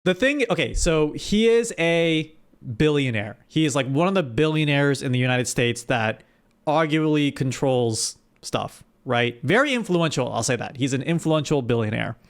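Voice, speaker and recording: Animated young man streaming to chat. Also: a little high, normal speed. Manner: animated, talks straight to chat, rambling with restarts. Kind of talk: casual live-stream chat while gaming.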